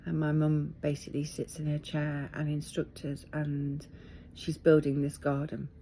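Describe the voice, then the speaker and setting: A tired middle-aged woman from England, talking to camera in a candid, halting, reflective video diary. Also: sits low, monotone, dark tone, a little hiss or hum. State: tired and teary. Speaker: vlogger.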